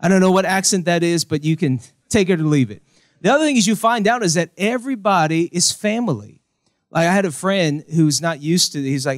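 A man's voice: high-pitched, brisk, dry recording, clean studio sound. A young man from the United States preaching a sermon with humor, acting out voices in his stories. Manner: animated, acts out quoted voices. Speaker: pastor.

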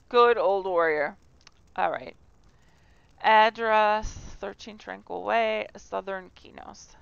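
A woman's voice: mid-range voice, slow pace, gravelly, clean tone, dry recording, highs cut off. A woman hosting a casual tour of a game house, chatty, giggly and self-deprecating. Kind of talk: casual gameplay tour commentary.

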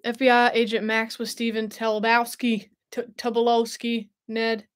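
A woman's voice: a little high, completely flat delivery, normal speed. A young woman hosting a casual livestream, bubbly and chatty, laughing often and answering viewers. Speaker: host.

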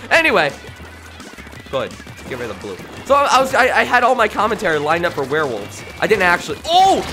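A man streaming a game and commentating live, with a bright, forceful tone and a pitch that swings all over the place. He is jokey and excitable, breaking into loud yelps and then dropping to low mumbles. Game music plays faintly behind him. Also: fast talker. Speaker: gaming streamer.

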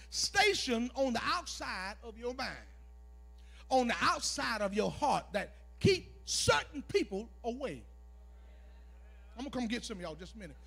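A male pastor preaching a sermon, dropping to a hush and then building to shouts with the congregation. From Texas. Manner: builds from low, hushed delivery to shouted call-and-response preaching. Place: church sanctuary.

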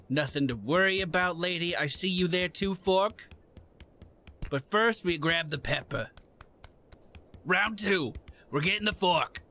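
A man giving excitable let's play commentary, laughing, swearing and talking to the game characters as he plays. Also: high-pitched, measured pace, pauses often. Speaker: gaming channel host.

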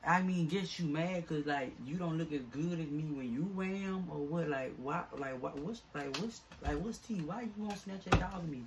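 A man's voice: on the high side, normal speed, few pauses, slight background noise. A man vlogging to camera, venting in an irritated, fed-up, rambling rant full of slang.

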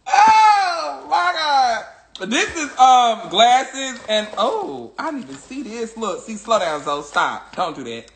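A woman's voice: on the high side, big pitch swings, measured pace, hardly any pauses, reverberant, a little hiss or hum. Crude, joking woman on a livestream. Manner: crude, joking, laughs often. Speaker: social media personality. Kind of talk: casual livestream chat. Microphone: phone.

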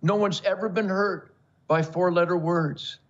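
Unhurried and steady in tone, an older man's high voice comes through a muffled recording as he hosts a show. Rambling to camera, he boasts, jokes, and laughs frequently in a bombastic manner.

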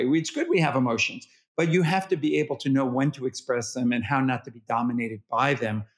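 A man's mid-range voice comes from a parenting expert being interviewed. He gets animated and demonstrative, imitating parents as they talk to toddlers.

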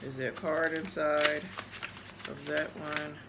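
A woman's voice: low-pitched, flat delivery, slow pace, gravelly, very noisy. A woman opening fan mail for her vlog, chatty and gushing as she talks straight to her viewers. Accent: New York. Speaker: vlogger.

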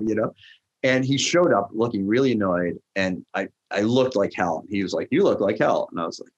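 Man, middle-aged, low voice, animated anecdotes, acts out dialogue. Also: quick pace, slightly rough, lo-fi sound. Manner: acts out quoted dialogue with jumps in pitch. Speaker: restaurant tech founder, guest. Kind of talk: animated storytelling in a podcast interview.

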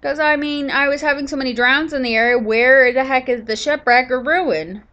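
A woman's voice: high-pitched, moderate pace, bright, forceful tone, lo-fi sound. A woman doing a casual voice-over of her own gameplay footage, sleepy and yawning, rambling with lots of fillers and restarts. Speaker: gaming channel host.

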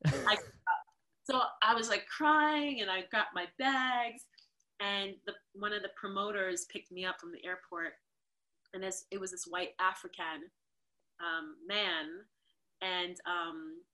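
Bright, lively woman from New York. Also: mid-range voice, slow pace. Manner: animated, acts out the people in her stories. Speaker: podcast guest, dancer. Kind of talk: casual storytelling interview.

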